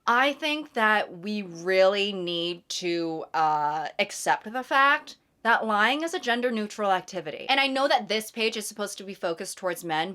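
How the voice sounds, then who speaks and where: A woman's voice: mid-range voice, fairly bright tone. A young woman giving comedic commentary as a YouTuber, with a wry, sarcastic delivery and dramatic asides.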